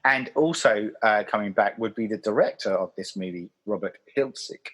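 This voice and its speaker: A man's voice: on the low side, fairly quick, a bit bright, husky. A man co-hosting a casual film podcast, talking in a rambling way with lots of fillers and restarts. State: hiccuping. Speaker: podcast co-host.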